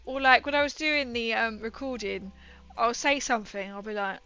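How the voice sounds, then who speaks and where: A woman's voice: a little high, quick pace, bright, forceful tone, clear, resonant tone. A young woman chatting casually on her livestream, giggling often and dropping her consonants. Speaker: streamer. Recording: muffled stream audio with faint music.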